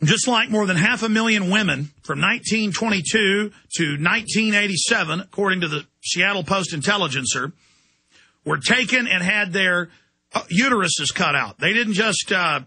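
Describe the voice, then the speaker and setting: A man's voice: high-pitched, expressive, normal speed, bright, forceful tone, slightly rough. A man hosting a radio show, delivering an intense political rant and repeating words as he heats up. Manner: ranting, intense, repeats words when heated. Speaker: radio host.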